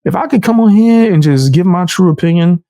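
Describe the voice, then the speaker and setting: A young male streamer in casual commentary, brash and profane, his voice leaping high whenever he mocks someone. His tone has a gravelly edge, and the sound is dry, close, and without room echo. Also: brisk. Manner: brash, profane trash talk with frequent laughs; animated, jumping sharply high when mocking.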